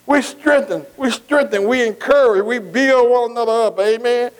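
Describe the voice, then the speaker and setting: Preacher guy, high voice, keeps asking am i right. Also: moderate pace, low-quality recording. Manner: call-and-response preaching, repeats phrases. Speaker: pastor. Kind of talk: sermon.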